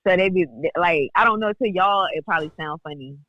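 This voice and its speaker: A woman with a Maryland Eastern Shore country accent calling into a talk show, telling stories in animated country slang. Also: fairly low pitch, fairly quick, no room sound, dull audio. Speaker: caller. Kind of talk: casual call-in chat.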